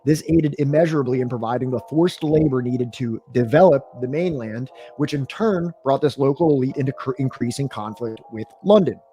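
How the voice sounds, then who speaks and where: A man of middle pitch reads passages from a history book on a live stream, then unpacks them in his own words. He hesitates with fillers and fixes his own phrasing mid-sentence, with faint music under his voice. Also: brisk, hardly any pauses, warm tone. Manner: thoughtful, with frequent fillers and self-corrections. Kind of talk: reading a history book aloud with discussion.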